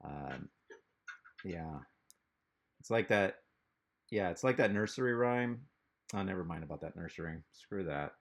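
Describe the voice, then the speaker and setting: A man doing a stand-up comedy set over a video call, rambling and halting, with lots of fillers. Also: sits low, expressive.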